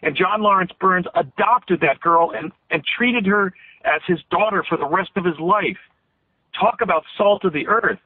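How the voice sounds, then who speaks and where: A man's voice: high voice, no room sound. A man in his fifties, an interview guest telling a long story in an earnest, rambling way with many restarts, heard over a phone line. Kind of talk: earnest storytelling on a call-in radio show. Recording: tinny phone line, dry.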